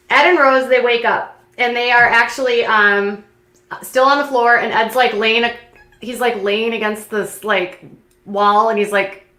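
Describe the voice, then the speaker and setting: Bright, snarky woman recapping reality TV. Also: on the high side, roomy sound. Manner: snarky, mocking impressions of cast members. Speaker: commentary host. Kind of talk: casual reality TV recap commentary.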